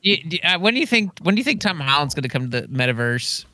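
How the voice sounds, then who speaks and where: High bright voice rambling on a comedy podcast, lots of restarts. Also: very animated, fast. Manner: rambling, stammering. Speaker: co-host. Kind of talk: comedic banter.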